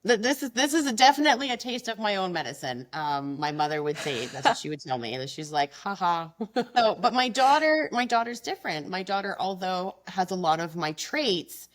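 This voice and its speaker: A middle-aged woman talking bluntly and emphatically in a casual interview, quick and frank, slipping into mocking quoted voices. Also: mid-range voice, big pitch swings. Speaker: guest, business founder.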